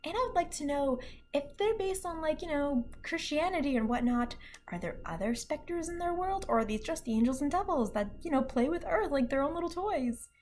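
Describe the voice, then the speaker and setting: A young woman chats about a cartoon show in a casual review, animated and laughing often as she drops into quick character impressions. Her voice is high, with a little hiss or hum in the background.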